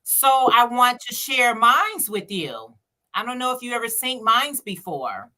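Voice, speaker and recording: Upbeat lady guest on a live chat, bright voice, higher pitch. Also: very animated, measured pace. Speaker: livestream guest.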